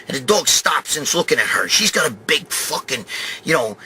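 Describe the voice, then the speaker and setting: Man in his sixties, profane comic rant, very bright tense voice, acts out quoted voices, high-ish. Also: big pitch swings, brisk, a little hiss or hum. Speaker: host. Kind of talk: profane comedic storytelling rant.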